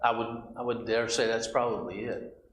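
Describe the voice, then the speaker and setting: A man's voice: mid-range voice, fairly even intonation, normal speed, echoey room, slight background noise, rough recording. A man teaching a Bible study class, asking questions and reading scripture aloud in a conversational way. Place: church classroom.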